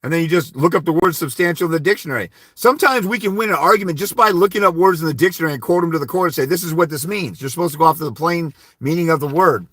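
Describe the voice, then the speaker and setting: A man's voice: on the high side, very fast, hardly any pauses, fairly bright tone, dry recording, studio quality. Blunt, profane man on a livestream. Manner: blunt, profane, tells anecdotes with quoted dialogue. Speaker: host of a fathers' rights livestream. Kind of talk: casual livestream advice.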